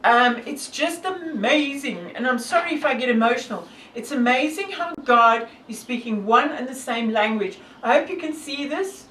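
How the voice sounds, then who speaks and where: South African woman, fairly high voice, earnest devout vlog talk, rambling, echoey far-off sound, faint hiss. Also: moderate pace, few pauses, a bit bright. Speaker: hiker and vlogger. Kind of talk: casual talk to camera.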